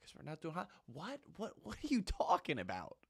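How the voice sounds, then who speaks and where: A man's voice: fairly high pitch, wildly swooping pitch, normal speed, vocal fry, husky, no echo, clean studio sound. A man and former Marine giving an impassioned, ranting monologue, repeating his points with emphasis. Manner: fired-up, ranting, emphatic repetition.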